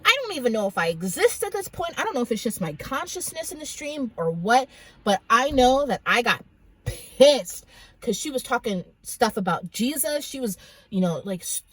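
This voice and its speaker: Husky-voiced woman retelling a dream. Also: on the high side, big pitch swings, normal speed, a bit bright, no echo, poor audio. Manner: rambling, dramatic storytelling with many fillers. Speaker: Christian vlogger. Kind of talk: dream testimony vlog.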